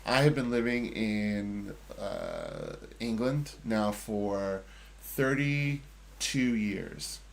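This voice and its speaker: A middle-aged man with an American accent, chatting casually as co-host, pausing often with fillers and restarts. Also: on the low side, big pitch swings, vocal fry, slight background noise. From United States. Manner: hesitant, many fillers and restarts. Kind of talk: casual chat.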